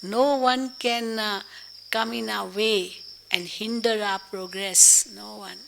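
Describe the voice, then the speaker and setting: A woman's voice: mid-range voice, steady tone, takes it slowly, vocal fry, a bit bright, slight background noise, low-quality recording. A woman giving a spiritual class, emphatic and repetitive, asking rhetorical questions. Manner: emphatic, repeats key phrases, asks rhetorical questions. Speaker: spiritual teacher.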